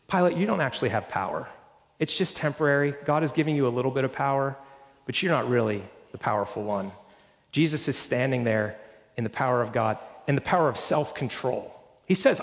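A man's voice: mid-range voice, expressive, a little fast, big-room sound. A pastor delivering an earnest, emphatic sermon, his intensity rising and falling.

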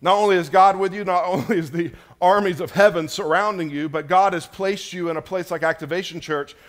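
This brisk male preacher addresses a church congregation, his sermon rising into loud emphasis and falling back into hushed, low delivery.

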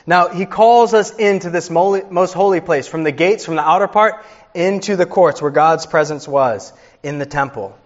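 A pastor in his thirties preaches with earnest warmth and tells stories to his congregation. His voice sits a little high for a man. The recording is dull and slightly lo-fi. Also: moderate pace. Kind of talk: sermon.

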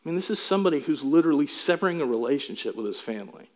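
Emphatic and animated, a male pastor delivers a sermon and puts questions to the congregation. His fairly high-pitched voice races along.

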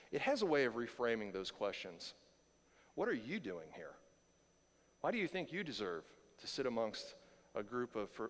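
Animated preaching man in a reverberant hall. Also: medium pitch. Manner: conversational, animated preaching with rhetorical questions. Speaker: pastor. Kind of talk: expository sermon. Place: church sanctuary.

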